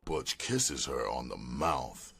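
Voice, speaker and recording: A man narrating a screenplay's stage directions with an extremely deep, husky voice. He reads slowly and evenly, without flourish. The delivery stays measured throughout. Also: animated, sharp tone.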